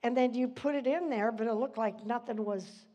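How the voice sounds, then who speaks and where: An older woman with a fairly high voice teaches scripture to a small church group. She talks in loose, chatty asides and laughs often, rambling before getting back to the verse. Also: moderate pace, mellow. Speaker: Bible study teacher. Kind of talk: informal church Bible teaching.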